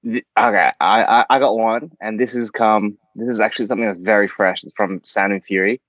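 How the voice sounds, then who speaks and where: A man's voice: on the low side, fairly even intonation, brisk, a bit bright, no room sound, muffled recording. A man guesting on a podcast in casual chat, often stumbling and restarting his sentences. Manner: stumbling, restarting, self-interrupting. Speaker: podcast guest, band member.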